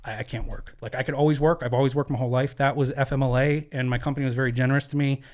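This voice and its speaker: Fast-talking man, earnest podcast guest. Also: medium pitch, level tone, darkish tone. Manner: earnest, speaks in quick bursts with many fillers and restarts. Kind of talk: candid conversational storytelling. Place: podcast studio.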